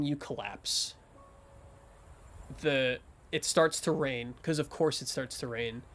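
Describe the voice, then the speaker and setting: A man's voice: a little high, a bit bright. A man narrating as game master of a tabletop game, improvising with lots of fillers and restarts.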